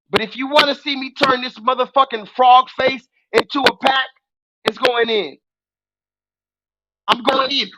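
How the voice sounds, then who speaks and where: A young adult man hosting a live call-in stream, ranting loudly and profanely at the chat and mocking his target. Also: very high voice, noisy background. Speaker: livestream host.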